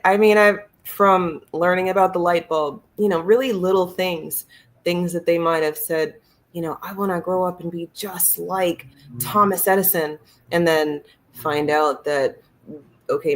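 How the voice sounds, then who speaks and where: Woman co-host with a lowish voice, thoughtful and measured, sometimes drags her words out. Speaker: podcast co-host. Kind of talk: casual discussion.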